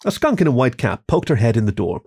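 A man reading a story aloud as scripted narration, calm and even, giving the characters gentle voices. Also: medium pitch, fast talker, husky, no echo, studio quality. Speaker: story reader.

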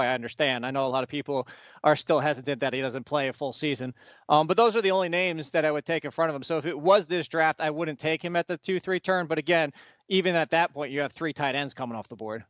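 Smooth-voiced male co-host, dull mic. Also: fairly high pitch, a bit bright, no echo. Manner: casual, jokey. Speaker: radio show co-host. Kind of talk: fantasy football talk.

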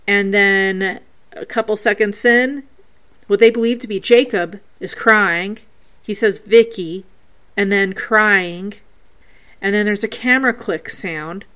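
Slow, smooth-voiced woman narrating ghost clips. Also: medium pitch, a bit bright. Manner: earnest, spells out each sound step by step. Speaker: paranormal show host. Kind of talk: reading out and breaking down a listener's ghost recording.

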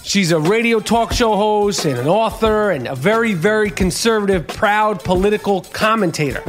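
A man rants as a podcast host, his voice pitched unusually high. He swears constantly and breaks into shouting tirades. Faint music plays behind him. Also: normal speed. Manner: swears heavily and shouts in bursts. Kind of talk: profane, animated podcast rant.

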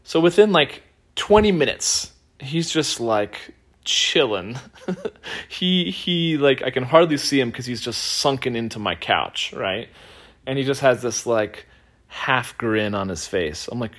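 A man hosting a podcast, telling a personal story in a loose, animated way, laughing often and using lots of fillers. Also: mid-range voice, unhurried. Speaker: podcast host. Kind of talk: casual storytelling.

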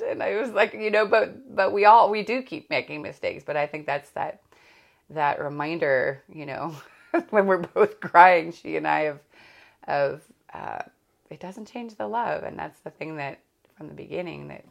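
Low, gravelly-voiced woman podcast host. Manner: rambling, self-correcting, candid. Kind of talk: casual chat.

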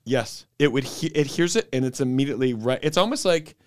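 A young adult man co-hosting a podcast, riffing animatedly in casual comedic chat and quick to laugh. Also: mid-range voice, lively intonation, no room sound. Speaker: podcast co-host.

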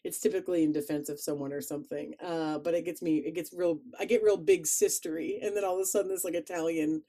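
A woman with a Chicago accent, chatting casually as a podcast co-host, animated and quick to laugh. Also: low voice. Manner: animated, laughs often, playful. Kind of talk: casual chat.

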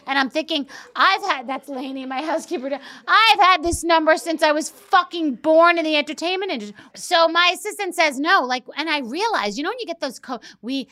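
A woman in her fifties telling an animated, profane story as a social media personality, acting out the quoted lines. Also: high-pitched, brisk, few pauses. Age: 50s. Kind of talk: profane comedic rant to camera.

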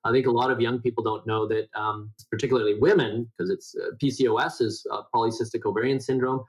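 A man's voice: fast talker, poor audio. A middle-aged man with a nasal voice, a guest explaining diet in a conversational interview, rambling with many restarts and fillers. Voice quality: self-described high nasal voice. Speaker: guest health educator.

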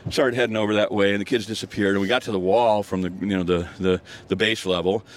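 An older guest storyteller talks at a quick pace in a fairly low, steady voice. Out on a hillside walk, his casual story wanders, with many fillers and restarts, and he laughs often.

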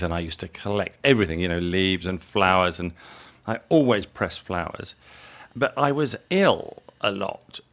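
Low gravelly-voiced English man reminiscing. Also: a bit bright. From England. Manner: rambling, repeats words as he thinks aloud. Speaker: interview guest, jewellery designer. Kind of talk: relaxed conversational storytelling.

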